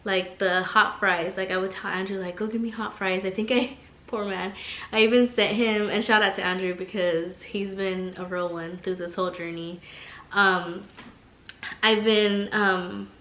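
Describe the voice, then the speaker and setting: A woman's voice: mid-range voice, fairly even intonation, a little slow, a bit bright, a little hiss or hum. A young pregnant woman chatting casually in a vlog, telling stories full of "like" fillers. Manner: chatty, storytelling, many "like" fillers. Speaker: vlogger. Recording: echoey room.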